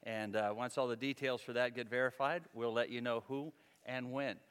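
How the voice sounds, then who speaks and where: A man's voice: mid-range voice, fairly even intonation, normal speed, a bit bright, clean tone, big-room sound. A man preaching a sermon as pastor, talking in a conversational, folksy storytelling way.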